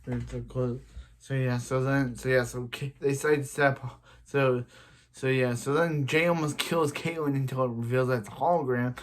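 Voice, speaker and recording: A man's voice: mid-range voice, fairly even intonation, normal speed. A man giving a casual, rambling recap of a TV episode, full of restarts and filler words. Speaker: show reviewer.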